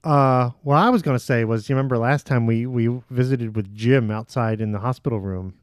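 A man's voice: medium pitch, a little fast, no echo, clean studio sound. A man co-hosting a comedy podcast, easygoing and teasing in casual banter. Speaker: podcast co-host.

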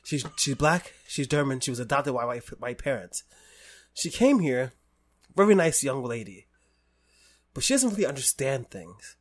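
A man's voice: medium pitch, animated, moderate pace. A man from the United States hosting a casual conversation, telling long rambling stories full of "like" and "you know.". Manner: rambling storyteller, many fillers.

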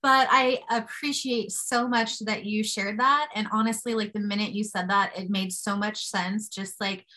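A young woman co-hosts a podcast and closes with an effusive, encouraging tone. Her pitch sits right in the middle. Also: fairly even intonation, moderate pace, few pauses, bright, forceful tone. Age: young adult. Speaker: podcast co-host. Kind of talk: warm interview wrap-up.

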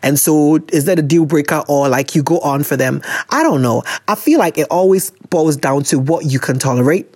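A woman's voice: deep voice, a little mellow, husky, no echo, studio quality. A woman hosting a podcast, giving frank, playful advice in a casual chat full of exclamations. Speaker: podcast host answering listener questions.

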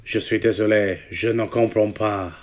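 A man's voice: fairly low pitch, fairly even intonation, moderate pace, pitched below the performer's own voice, natural voice. A man putting on a mocking, exaggerated French voice as a joke, hammy and theatrical. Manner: exaggerated mock-French accent put on for a joke.

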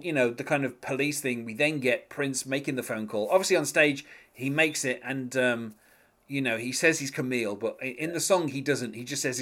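A man's voice: fairly high pitch, fairly bright tone. A man chatting casually as a podcast host, rambling with many fillers and frequent chuckles. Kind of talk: casual music discussion.

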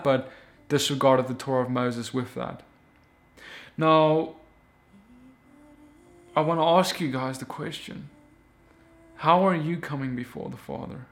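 A man's voice: fairly high pitch, a bit bright. A man giving an earnest, emphatic Bible teaching in a casual video sermon, often restarting his sentences.

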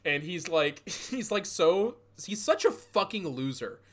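A man hosting a casual comedy podcast, animated and laughing, with mocking, profane asides. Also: high voice, unhurried. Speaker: podcast host.

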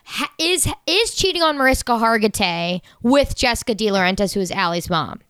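A young woman chatting excitedly on a podcast, swearing freely and rushing through asides. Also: a little high, clear, resonant tone, no room sound. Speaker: podcast co-host. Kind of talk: casual chat.

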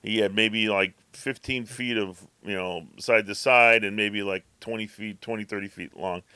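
Bright-voiced man telling rambling stories. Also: fairly low pitch, fairly even intonation, normal speed, clean tone, no room sound. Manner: rambling storyteller, acts out the cat's thoughts. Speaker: podcast co-host. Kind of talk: casual chat.

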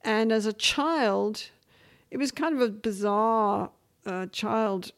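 A middle-aged English woman from England, chatting as a guest in an interview and telling stories with lively shifts of voice. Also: mid-range voice, takes it slowly. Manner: animated storytelling, shifting between voices. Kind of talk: casual interview chat.

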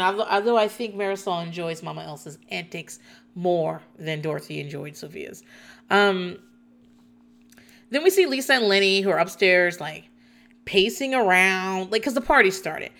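A woman's voice: medium pitch, a bit bright. A woman hosting a casual recap show, rambling and swearing freely and laughing often as she talks. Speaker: TV recap podcast host.

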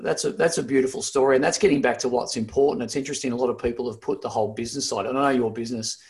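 Aussie guy, mid-pitched voice, agreeing along in a casual podcast chat. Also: steady tone, rapid-fire, darkish tone. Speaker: podcast co-host.

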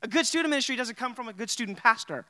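High, bright-voiced male pastor. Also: animated, rapid-fire, no echo. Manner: casual and conversational, with many "like" and "you know" fillers. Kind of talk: sermon.

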